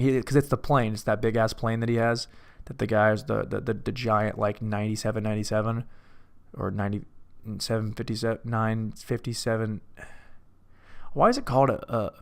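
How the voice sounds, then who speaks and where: A man's voice: on the low side, a little fast, creaky. A man alone in a room, casually reviewing a film, rambling, cursing and mocking himself. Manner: rambling, self-mocking, profane. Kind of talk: casual movie commentary.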